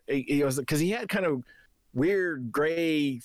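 Animated, profane man recapping a movie. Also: on the high side, normal speed, no room sound. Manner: animated, profane storytelling, acts out reactions. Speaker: podcast co-host. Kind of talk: casual movie review chat.

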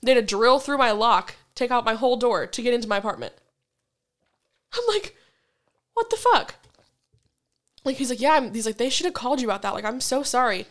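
A woman in her twenties, a podcast co-host, telling a story in a casual chat, swearing freely and laughing as she goes. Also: on the high side. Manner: profane, animated storytelling with quick laughs.

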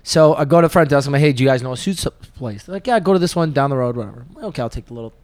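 A man's voice: mid-range voice, darkish tone, dry recording. A man hosting a podcast, telling a travel story in casual chat, swearing freely and throwing in jokes. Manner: rapid, swearing, joking asides. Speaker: podcast host.

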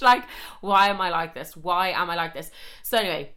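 A woman's voice: fairly low pitch, moderate pace, sharp tone. A young woman podcast host telling a story in a chatty, self-mocking way and swearing a lot. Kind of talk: casual storytelling monologue.

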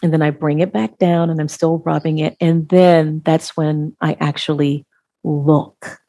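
Slow, low-voiced woman sharing reflections. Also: flat delivery, mellow, dry recording. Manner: slow, earnest, halting with restarts. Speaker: guest. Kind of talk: reflective conversational interview.

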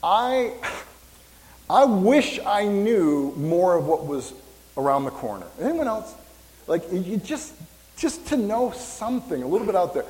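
A man's voice: high voice, very animated, unhurried, darkish tone. A man in his fifties, a pastor preaching a casual, rambling sermon and joking with the congregation. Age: 50s. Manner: rambling, conversational, jokes with congregation. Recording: reverberant hall.

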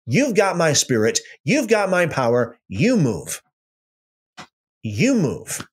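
A man's voice: fairly high pitch, wildly swooping pitch, slow pace, breathy edge, pitched above the performer's own voice, exaggerated voice. A man voicing God as an insistent, practical figure urging Moses on with short, emphatic commands.

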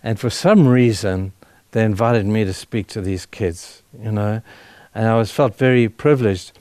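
A man's voice: mid-range voice, a little mellow, dry recording. Fervent conversational male preacher, dry sound. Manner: conversational, building to fervent emphasis. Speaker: guest speaker at a church. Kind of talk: sermon.

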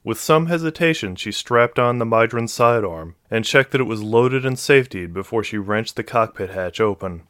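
A man narrating a science-fiction novel in a steady, measured reading. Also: mid-range voice, dry recording. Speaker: audiobook narrator. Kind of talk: scripted narration.

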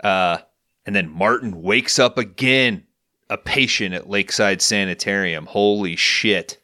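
Deep voiced guy with a sharp bright tone, swearing constantly while he tells the movie plot. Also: measured pace. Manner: profane, storytelling. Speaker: podcast host. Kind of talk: casual recap of a film.

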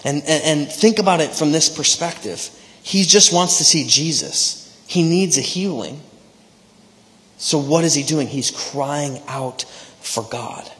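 A pastor delivering a sermon in a church, talking conversationally with frequent "right?" asides to the congregation. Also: male voice, a little high, unhurried, a bit bright. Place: church sanctuary. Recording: long church hall reverb.

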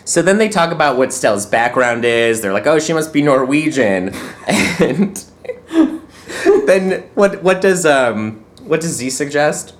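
A man's voice: on the high side, sing-song, slow. A man from Poland co-hosting a podcast, recapping a movie with wry, dry jokes in a casual chat. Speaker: podcast co-host.

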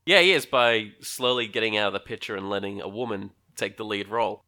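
An Australian man, a guest on a casual podcast, chatting in an animated, joking way and laughing often. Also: lowish voice, a little fast.

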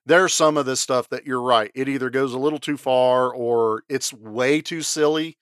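A man's voice: mid-range voice, steady tone, normal speed, a bit bright, clear, resonant tone, no echo, studio quality. A man in his forties co-hosting a podcast, chatting casually and animatedly about a film and laughing easily. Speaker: podcast co-host. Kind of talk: casual chat about a movie.

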